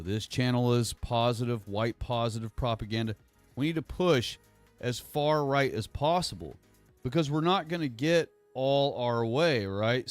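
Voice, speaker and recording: Male streamer, mid-pitched, meandering delivery, dry close sound, faint music underneath. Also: dry recording. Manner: rambling, halting, repeats himself. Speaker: livestream host. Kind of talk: casual livestream monologue.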